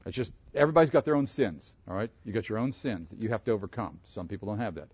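A man preaching an interactive sermon, asking his congregation questions in an animated way. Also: fairly low pitch, fast, slightly rough, no room sound, muffled recording. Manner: animated, asks the room questions. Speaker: pastor.

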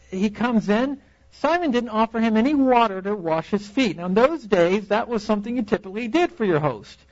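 Young male preacher, storyteller, bright high voice with big swings, dry close sound. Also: no room sound, dull audio. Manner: storytelling, animated, acts out reactions with laughs. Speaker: youth conference speaker. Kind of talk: preaching a sermon.

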